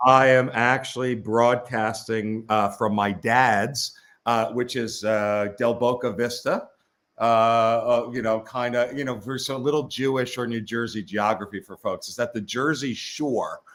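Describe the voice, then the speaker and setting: A man's voice: mid-range voice, steady tone, unhurried, a bit bright. A man co-hosting a live show over a video call from his father's home, talking in a wry, rambling way. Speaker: co-host. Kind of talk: casual live-stream chat.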